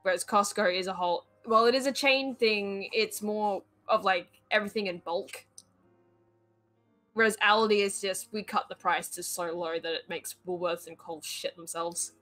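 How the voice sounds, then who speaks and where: A woman with an Australian accent chatting on a late-night stream, blunt and swearing freely, with halting restarts. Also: mid-range voice, a bit bright, soft background music. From Western Australia. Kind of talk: late-night casual chat.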